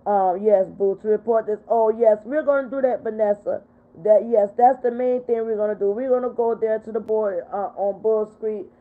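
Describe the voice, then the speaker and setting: A woman's voice: fairly high pitch, steady tone, normal speed. Upset grandmother on a tinny livestream. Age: older. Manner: upset, tearful. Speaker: livestream host. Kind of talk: emotional livestream talk reading viewer comments. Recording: tinny phone-quality audio.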